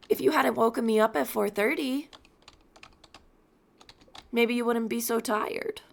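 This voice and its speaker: A young woman streaming a game from home on a boom-arm mic, chatting casually and talking to her cat in between. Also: unhurried, creaky, pauses often. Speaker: gaming streamer. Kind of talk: casual gameplay chat.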